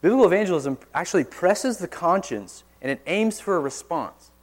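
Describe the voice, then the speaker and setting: A man preaching a sermon in church, earnest, pressing hard on key words and then dropping suddenly quiet. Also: high voice, animated, brisk. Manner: earnest, forceful emphasis with sudden quiet drops.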